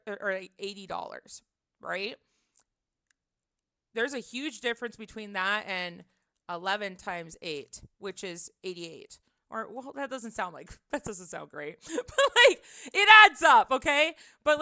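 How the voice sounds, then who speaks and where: A woman's voice: mid-range voice, bright, forceful tone, no room sound, studio quality. A young woman livestreaming, casually telling a rambling personal story full of filler words. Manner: chatty, rambling, lots of "like" fillers.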